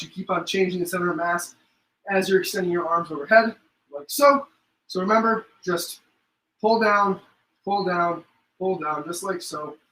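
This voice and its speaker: A man's voice: high-pitched, fairly bright tone, roomy sound, recorded from a distance, low-quality recording. A young man leading a live-streamed home workout as a fitness instructor, counting reps aloud and joking between sets.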